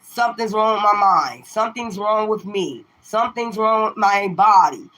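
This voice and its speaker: A woman's voice: medium pitch, moderate pace, a bit bright. A woman streaming live to her viewers, ranting in a profane, confrontational way and firing the same rhetorical questions again and again. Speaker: tarot reader livestreamer. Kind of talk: livestream rant to viewers.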